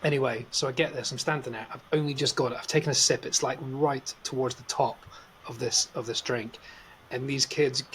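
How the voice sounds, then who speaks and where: A man's voice: mid-range voice, fairly even intonation, brisk, a bit bright, a little hiss or hum. A man, telling a story on a podcast in a casual, swearing way and acting out the other people's lines. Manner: swears freely, acts out quotes, laughs often. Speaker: podcast co-host.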